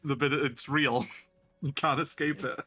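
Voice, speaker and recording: A man's voice: a little high, steady tone, a little slow, sharp tone, breathy edge, soft background music. A man chatting with friends on a call, giggling and repeating a joke. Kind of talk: casual chat on a voice call.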